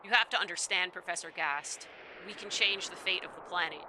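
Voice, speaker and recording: A woman's voice: on the low side, brisk, background noise, voice pushed down, close to an everyday voice. A woman voicing a sly, menacing male scientist villain, reading his lines smugly and gloatingly.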